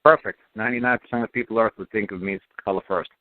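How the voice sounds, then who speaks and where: A man hosting a call-in radio show talks very fast in a lowish voice with fairly even intonation. Blunt and emphatic, he repeats himself and adds derisive asides, all on dry phone-line audio.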